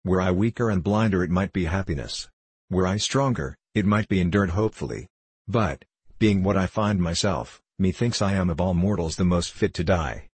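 A man voicing a calm, firm, devoted young wife, speaking slowly and steadily in an audiobook reading. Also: sits low, slightly rough, no echo. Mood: resolute.

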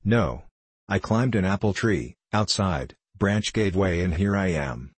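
A man reading the part of a calm, kindly shaggy wanderer in a storybook, unhurried and gentle. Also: low voice, breathy edge, no echo, full character voice.

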